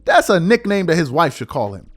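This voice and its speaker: A man hosting a sports commentary show, ranting in an animated, mocking way that swings between low mutters and loud outbursts. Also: a little fast, soft background music.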